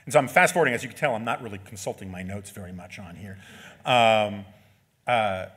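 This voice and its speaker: A man's voice: lowish voice, fairly quick, fairly bright tone, slightly rough. Man giving a joking conversational lecture. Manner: conversational lecture, asides and jokes, frequent "right?" tags. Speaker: author giving a talk. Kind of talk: speaking at an event. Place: lecture venue.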